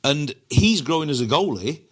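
A man's voice: fairly high pitch, very animated, normal speed, a bit bright, husky. A man appearing as a guest football pundit in a casual chat, enthusiastic and prone to repeating his words. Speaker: guest pundit, former goalkeeper coach.

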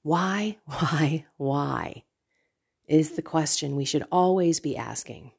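A woman with a low voice talks casually on her podcast about faith. She laughs often and slips into acted-out quotes. Her delivery stays conversational and personal. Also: animated, slow, creaky, husky. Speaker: podcast host.

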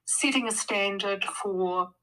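Bright-voiced woman author, thoughtful. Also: medium pitch, takes it slowly, rough recording. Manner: thoughtful, with frequent fillers and restarts. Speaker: guest author. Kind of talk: casual interview conversation.

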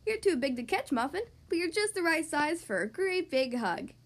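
A woman voicing a kind, patient grandmother frog in a storybook, speaking slowly and gently. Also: high voice, sing-song. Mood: gentle. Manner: slow, gentle and scolding.

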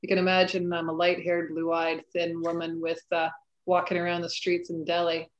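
A woman's voice: on the low side, monotone, moderate pace, lo-fi sound. A woman author speaking as a guest in a casual interview, earnest and thoughtful, with frequent fillers.

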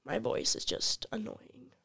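A young woman on a podcast, chatting casually and telling stories animatedly, congested from a cold. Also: a little slow. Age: young adult. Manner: animated storyteller, acts out quotes, swears. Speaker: podcast guest. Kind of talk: casual chat. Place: podcast studio.

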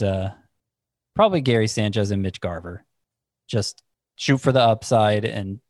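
A man talks through his picks in casual podcast chat, stopping and restarting as he thinks. His voice sits low, and the sound is dry and close with no room around it. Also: darkish tone, no room sound. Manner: thinking aloud, restarts, second-guesses himself. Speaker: fantasy baseball analyst.

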